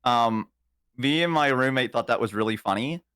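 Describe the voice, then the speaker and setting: A man on a live stream telling stories in casual chat, animated, swearing freely and laughing often. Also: medium pitch, moderate pace, smooth, no echo, clean studio sound. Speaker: stream guest.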